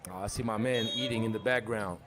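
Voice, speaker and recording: A man's voice: on the low side, steady tone, fairly quick, a crowd in the background. A man doing live play-by-play commentary for a basketball tournament, joking and chatting between calls. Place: arena at a live 3x3 tournament.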